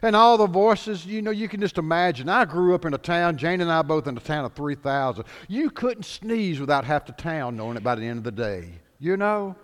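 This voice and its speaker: A man preaching a sermon as pastor, animated, swinging between loud declarations and hushed lines. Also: a little high, brisk, hardly any pauses, long reverb tail.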